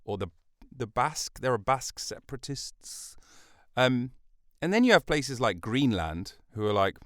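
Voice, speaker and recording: A man's voice: medium pitch, sing-song, measured pace, no room sound. A man hosting a podcast in a studio, talking alone in a loose, jokey, rambling way with self-mocking asides. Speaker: podcast host. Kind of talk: solo podcast monologue. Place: recording studio. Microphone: studio mic.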